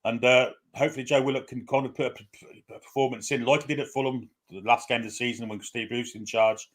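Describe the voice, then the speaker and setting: A man co-hosting a casual live stream, talking quickly and opinionatedly and often asking for agreement. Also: medium pitch, fairly even intonation. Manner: rapid, opinionated, asks for agreement. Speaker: co-host.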